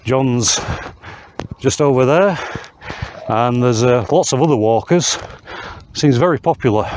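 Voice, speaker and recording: A man talking casually to camera while out on open moorland, chatty and halting with frequent fillers. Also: mid-range voice, a little mellow. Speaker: host of a wild camping channel. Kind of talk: casual vlog narration to camera. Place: outdoors on open moorland hills. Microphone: handheld camera mic. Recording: outdoor camera audio with clear noise.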